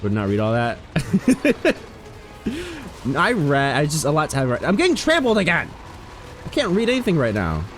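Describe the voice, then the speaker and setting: A man streaming a video game, chatting casually with viewers, swinging between low mumbles and sudden loud, sweary outbursts. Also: wildly swooping pitch, normal speed, faint music behind. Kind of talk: casual live gaming commentary.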